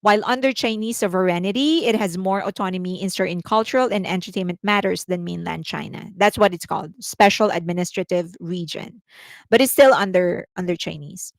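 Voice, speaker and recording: A woman's voice: on the low side, fairly quick, gravelly, no room sound. A woman hosting a casual live-stream commentary, chatty, often restarting her sentences and laughing easily. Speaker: commentary channel host.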